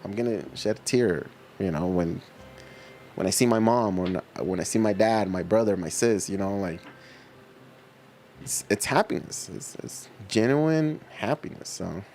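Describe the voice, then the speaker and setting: A man's voice: fairly low pitch, lively intonation, a little slow, darkish tone, a little hiss or hum. A middle-aged man hosting a livestream, chatting casually with viewers in a laid-back, slangy way and laughing often. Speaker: livestream host reading chat. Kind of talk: casual chat reading viewer comments.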